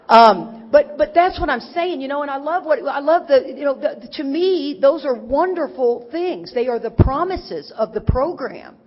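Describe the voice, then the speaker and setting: A middle-aged woman from Texas giving an animated, folksy recovery talk to a crowd, teasing her listeners. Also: sits high, moderate pace, few pauses. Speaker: recovery speaker. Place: large conference hall. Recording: dull recording with long hall reverb.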